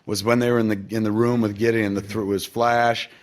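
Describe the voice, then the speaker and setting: A man in his forties hosting a podcast, telling stories in a casual, profane, excitable way and swinging into quoted voices. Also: on the low side, a little fast. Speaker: podcast host.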